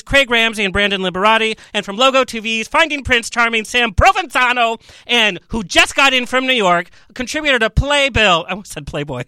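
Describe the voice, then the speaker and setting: A man's voice: extremely high pitch, bright, forceful tone, clear, resonant tone, low-quality recording. A man hosting a chatty radio talk show in a studio, flamboyant and theatrical, with sassy quips. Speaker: podcast host. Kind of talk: campy chat show hosting.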